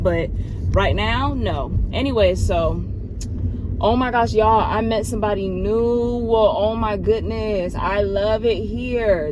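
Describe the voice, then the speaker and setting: A woman's voice: mid-range voice, background noise. A young woman, a college student, chatting playfully to her viewers in a casual vlog, filming herself on a handheld phone outdoors and in a car. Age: young adult. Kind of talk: casual vlog chat to camera. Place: outdoors on a windy day, then in a car.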